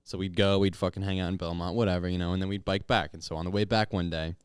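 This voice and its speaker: A man tells a story on a podcast in a smooth, fairly low voice. He gets excited and shouts when he acts out what people said. The mic sounds dry. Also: fast, no room sound. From Long Island, New York. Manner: excitable, jumps to shouted quotes when acting out. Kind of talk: casual storytelling chat.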